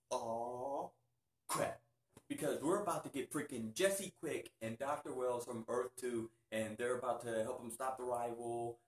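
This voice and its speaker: A man hosting a casual TV review vlog, talking excitably and peppering his speech with "freaking.". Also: medium pitch. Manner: excitable, keeps saying "freaking". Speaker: YouTube reviewer. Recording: roomy echo.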